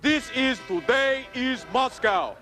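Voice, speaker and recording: A stiff Soviet TV presenter with a Russian accent. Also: male voice, extremely high pitch, lively intonation, takes it slowly, full character voice. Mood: formal. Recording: roomy archive clip with music.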